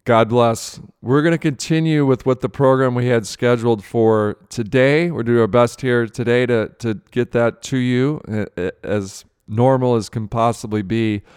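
A man's voice: mid-range voice, normal speed, hardly any pauses, a little mellow, clean tone, no echo, clean studio sound. A male host, a father, giving earnest spoken commentary with emotion in his voice, often repeating phrases. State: voice thick with emotion. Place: Austin, Texas.

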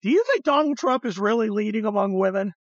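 A man's voice: sits high, expressive, quick pace, dry recording, dull audio. A man hosting a podcast, chatting bluntly and sarcastically about politics and swearing now and then. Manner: sarcastic, blunt, swears, slips into mocking voices. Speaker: podcast host. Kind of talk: casual political chat.

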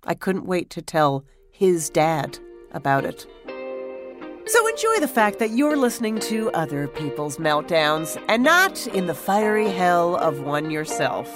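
A woman's voice: on the low side, big pitch swings, measured pace, over music. A woman podcast host telling a personal story in a wry, self-mocking way. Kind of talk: storytelling monologue.

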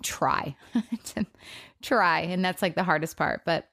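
A woman hosting her own podcast alone, speaking in an emotional, subdued way, halting, with many fillers and restarts. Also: lowish voice, a bit bright, no echo, clean studio sound. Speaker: podcast host. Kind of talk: personal solo podcast talk.

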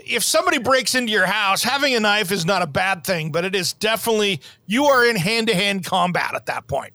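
A man's voice: sits high, expressive, fairly quick, sharp tone. A man hosting a podcast, telling rambling stories in a casual, easygoing way and laughing easily. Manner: chatty, rambling storyteller who laughs easily. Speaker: podcast host. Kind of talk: casual chat.

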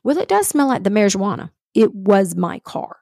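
A woman's voice: mid-range voice, normal speed, vocal fry, no echo, clean studio sound. A woman co-hosting a podcast, telling a story in casual chat and acting out the other people's lines. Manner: animated storyteller, acts out quoted dialogue. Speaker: podcast co-host.

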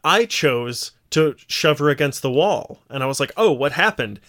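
A fairly high-pitched man speaks at a moderate pace, co-hosting a casual podcast chat. As an animated storyteller, he retells scenes at length and acts out the quoted lines.

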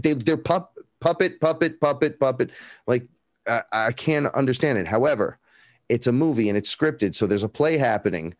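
Guest: a man, lowish voice, dry close sound, swearing storyteller who acts out quotes. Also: darkish tone, no echo. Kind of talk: casual storytelling.

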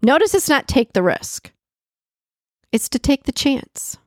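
A woman's voice: high voice, big pitch swings, a little slow, long pauses, no echo, clean studio sound. Woman hosting a reflective solo podcast. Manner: warm conversational, repeats key phrases, laughs often. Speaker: podcast host.

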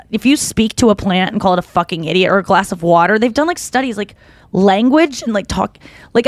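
A woman's voice: mid-range voice, no echo. Frank, rambling woman podcast co-host. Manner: frank, rambling, peppered with "like" and swearing. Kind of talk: casual chat.

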